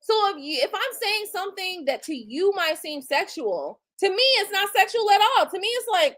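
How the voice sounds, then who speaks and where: Profane, animated high-voiced woman ranting. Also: moderate pace, hardly any pauses, low-quality recording. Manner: blunt and profane, animated, with mocking quoted retorts. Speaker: tarot reader and livestream host. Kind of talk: casual livestream rant.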